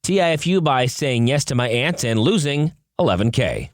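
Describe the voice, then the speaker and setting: A man's voice: mid-range voice, moderate pace, noisy background. A man hosting a podcast, reading online stories aloud with sarcastic asides. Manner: sarcastic asides, expressive delivery. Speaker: podcast host.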